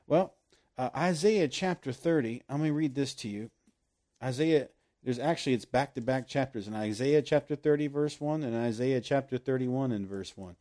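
A man delivers a sermon at medium pitch and moderate pace, swinging between loud emphasis and hushed, nearly whispered lines.

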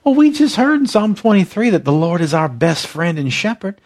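Husky, exuberant preacher man. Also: high voice, very animated, normal speed, darkish tone. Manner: exuberant, emotional, leads call-and-response repetition. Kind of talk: devotional teaching, podcast-style.

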